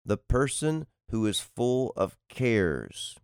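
A man's voice: mid-range voice, sing-song, slow pace, clear, resonant tone, dry recording, studio quality. A man preaching on a podcast in an emphatic, repetitive cadence, reading and expounding scripture. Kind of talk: sermon-style podcast teaching.

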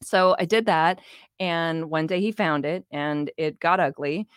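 A middle-aged woman with a fairly low voice tells her story as an interview guest, animated and casual, often playing out what people said. The sound is dry and close, with no room echo. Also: measured pace, smooth. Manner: animated, acts out quoted dialogue, laughs often. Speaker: interview guest, business owner.

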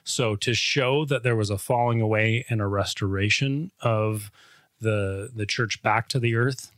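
A man co-hosting a podcast who explains things in a steady way and sometimes restarts a phrase. His voice is fairly low, and the sound is dry and close. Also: a little slow, dry recording. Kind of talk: casual faith podcast chat.

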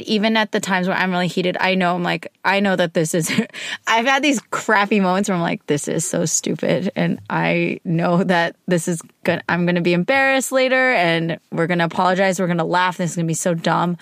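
Co-host, female, low-ish voice, expressive and candid, dry close sound. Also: no echo. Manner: expressive and candid, acts out her own outbursts. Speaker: podcast co-host talking with her partner. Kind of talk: casual chat.

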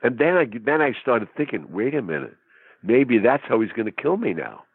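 A husky man telling a dramatic story in conversation, acting out quotes in a tough-talking way. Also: medium pitch, big pitch swings, normal speed, dry recording. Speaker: interview guest. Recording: phone-like narrow sound, dry.

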